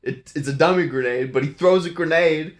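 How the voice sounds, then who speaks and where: A man's voice: on the high side, a little fast. A man casually retelling a film's plot, laughing often and acting out the lines in silly voices. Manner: playful, giggly, acts out lines in silly voices. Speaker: host recapping a film. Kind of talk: casual chat.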